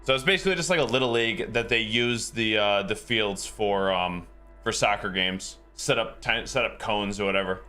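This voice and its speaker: A man's voice: on the low side, normal speed, bright, forceful tone, faint music behind. A game streamer, a man, chatting casually with his live viewers in a rambling, easygoing way and chuckling often.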